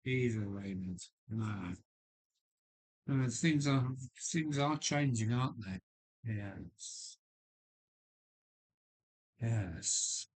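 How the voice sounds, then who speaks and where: A man with a deep voice hosting a casual live stream from his loft, rambling with many fillers and restarts while chatting with viewers. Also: very slow, pauses often, slightly rough. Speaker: livestream host. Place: home loft.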